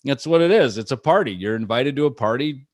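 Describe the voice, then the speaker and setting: A man's voice: mid-range voice, expressive, a little fast, no room sound. A man being interviewed over a video call, talking in a loose, rambling way with many fillers and restarts and acting out quotes. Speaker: rock musician guest. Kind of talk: casual interview chat.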